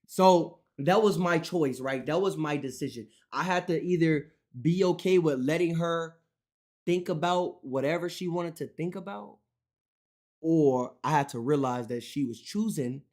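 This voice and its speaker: A young man streaming, talking casually in an animated, profane way, often repeating himself. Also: on the high side.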